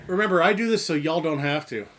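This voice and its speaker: A man from Canada co-hosting a casual beer review, jokey and animated, with exaggerated reactions to what he tastes. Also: a little high, quick pace. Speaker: co-host of a beer review show. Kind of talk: casual chat.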